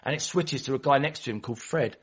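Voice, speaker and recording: At a recovery meeting, a man shares a passionate story, now and then imitating other people's voices. His husky, mid-range voice moves fast, and the recording sounds dull and lo-fi.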